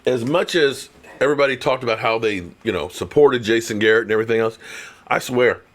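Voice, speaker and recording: A man in his fifties hosting a casual sports talk live stream, ranting in a mocking, animated way and laughing often. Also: mid-range voice.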